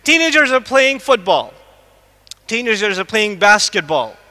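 A man from the United States, probably middle-aged, giving an animated religious lecture to a live audience, asking it questions and quickly reciting Arabic verses. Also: sits high. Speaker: Islamic lecturer. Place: large lecture hall. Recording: long hall reverb.

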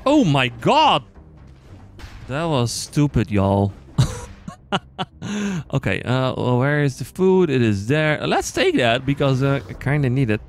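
Lively excitable gamer man with an accent. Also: medium pitch, normal speed, few pauses, faint music behind. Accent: non-native English accent. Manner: chatty, excitable, talks to viewers as "y'all"; self-mocking outbursts while playing. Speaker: gaming channel host. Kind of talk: casual let's-play commentary.

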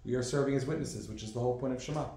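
A man teaches a class in an easy, conversational tone, often pausing on fillers and small asides. His voice sits at an ordinary middle pitch for a man. The recording is heavily reverberant, as if made in a bare, echoing room. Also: warm tone. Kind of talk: classroom lecture. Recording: very echoey room.

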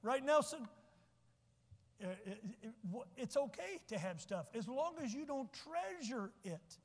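A man, preaching a sermon as pastor, folksy, joking asides and repeating his points slowly. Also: very high voice, big pitch swings. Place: church sanctuary. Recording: long church reverb.

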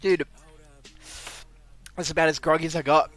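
A young Australian man streaming a game, excitable and quick to exclaim and swear. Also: a little high. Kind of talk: live stream reaction.

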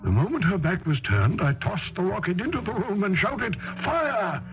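A loyal, puzzled companion narrating in a vintage radio drama. His voice sits high and moves animatedly, and his manner is earnest and eager. The sound is dull and old, with music playing underneath. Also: sing-song, a little fast.

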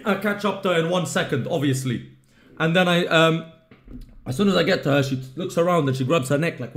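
A man's voice: a little high, brisk. A young man streamer casually telling a story to his live chat, joking and swearing freely.

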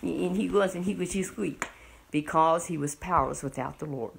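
A middle-aged woman telling a Bible story to children, animated and often asking the listener questions. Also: lowish voice, moderate pace, creaky, slight background noise.

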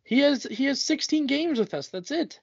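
A young man co-hosting a casual sports podcast, talking in an animated way and mimicking the people he quotes. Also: extremely high pitch, normal speed, vocal fry, no echo. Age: young adult. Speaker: podcast co-host. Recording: dull lo-fi dry recording.

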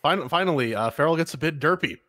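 Animated guy on a gaming podcast, voice jumps around a lot, keeps tripping over words. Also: fairly high pitch, fast. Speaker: podcast co-host. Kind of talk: casual chat.

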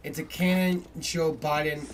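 A young man giving profane commentary over a game, swearing constantly and yelling when startled. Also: on the high side, fairly even intonation, unhurried. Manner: swears constantly, yells when startled, rambling asides to viewers. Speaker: gameplay streamer. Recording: distant mic with clear background noise.

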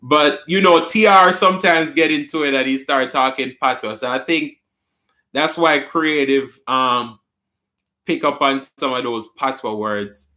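Jamaican guy hosting a live chat, reads out comments and laughs a lot, bright voice. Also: medium pitch, fairly even intonation, a little slow. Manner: reads viewer comments aloud and answers them, laughs often. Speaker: live-stream host. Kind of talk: casual live-stream chat.

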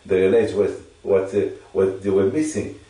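Religious teacher, male, low voice, halting and repetitive delivery, heard from a distance. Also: steady tone, warm tone. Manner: halting, repeats phrases for emphasis. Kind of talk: informal Torah teaching to a listener. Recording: echoey room, distant mic.

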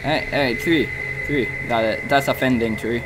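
A young man giving casual let's play commentary, yelling and cursing at the game between goofy asides. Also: mid-range voice, fairly even intonation, a little slow, noisy background. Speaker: gamer playing on video. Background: game music.

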